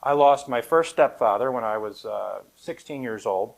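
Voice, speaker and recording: A middle-aged man speaks to a gathered audience as a funeral director, easing into stories with light humor. His pitch sits in an ordinary middle range, and his delivery stays conversational and unhurried. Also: creaky. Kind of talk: live public talk to an audience. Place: event room at a funeral home, with an audience present.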